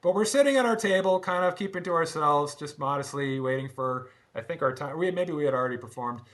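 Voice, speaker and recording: A middle-aged man with a slightly high voice tells stories to an interviewer. He talks casually and with energy, laughs easily, and often stops to restart a sentence. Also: quick pace. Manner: animated, laughs often, restarts and stumbles while recounting. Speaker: guest, former band drummer. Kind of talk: casual conversational storytelling.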